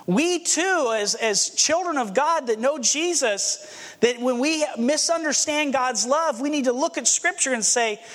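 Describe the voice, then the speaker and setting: A man's voice: very high-pitched, lively intonation, measured pace, fairly bright tone. A pastor preaching a sermon, earnest and storytelling, acting out the scenes he describes. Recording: long hall reverb.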